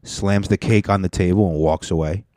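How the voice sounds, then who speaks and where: A man's voice: low voice, steady tone, moderate pace, warm tone, slight background noise. A man casually reacting to online videos, sardonic and profane, mocking what he watches.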